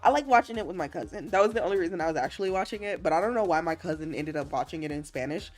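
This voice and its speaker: A woman streamer chatting casually and playfully. Her voice leaps up and down, and she laughs through her lines while reading out chat messages and teasing her viewers. Faint music plays quietly behind her. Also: fairly low pitch, animated, very fast. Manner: laughs often, reads chat aloud and answers it. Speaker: livestreamer.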